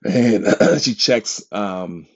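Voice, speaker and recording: A man hosting his own podcast, telling casual stories in an animated, self-described dramatic way and laughing often. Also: lowish voice, extremely slow, slightly rough. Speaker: podcast host. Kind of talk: casual storytelling monologue. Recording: dull lo-fi recording.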